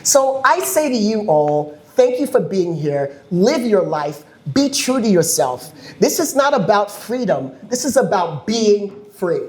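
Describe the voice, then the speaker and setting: A woman on a community panel, telling a story with lively acted-out quotes and frequent laughter. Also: mid-range voice, measured pace, few pauses, reverberant, noisy background. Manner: animated, acts out quoted voices, laughs often. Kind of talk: impassioned panel talk with storytelling. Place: community event hall.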